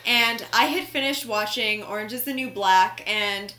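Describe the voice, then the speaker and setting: A young woman co-hosting a podcast, telling a story in an animated, giggly way and swearing freely. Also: medium pitch, moderate pace. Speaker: podcast co-host. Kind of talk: casual chat. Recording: echoey room.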